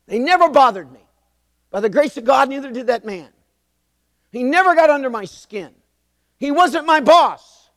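A man's voice: very high voice, dry recording, clean studio sound, big-room sound. A man in his sixties preaching a sermon, telling stories with emphatic repetition. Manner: animated storytelling, emphatic repetition. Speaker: pastor.

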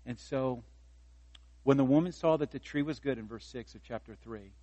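A man's voice: medium pitch, moderate pace, dark tone, no echo, low-quality recording. Dry-sounding male pastor preaching. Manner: conversational preaching, rising for emphasis, self-deprecating humor. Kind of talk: sermon.

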